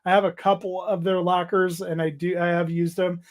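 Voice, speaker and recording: His voice sits high with little pitch movement as he hosts a casual hobby livestream. The chat is loose, halting and rambling, with viewer comments read aloud and sentences that trail off into restarts.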